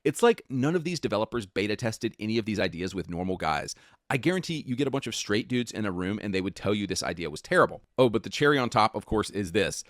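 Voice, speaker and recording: A man's voice: on the low side, no room sound, clean studio sound. A man ranting in a video commentary clip, indignant and sneering.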